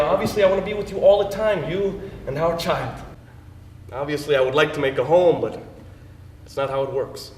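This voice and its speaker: A man's voice: on the high side, slight background noise, close to an everyday voice. An actor on a theater stage playing a dead husband's spirit who soothes and teases his wife in her dream. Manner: soothing, playful, wistful. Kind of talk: live stage drama. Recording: roomy stage sound from a distant mic.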